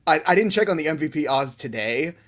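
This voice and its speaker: A man's voice: a little high, lively intonation, fast, a bit bright. Playful male podcast host. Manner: playful, teasing, upbeat. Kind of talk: casual fantasy baseball talk.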